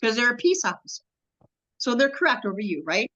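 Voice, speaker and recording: A woman guest in a casual interview, telling a long story in a halting, rambling way with many ums and restarts. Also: a little high, sing-song, pushed and bright, muffled recording.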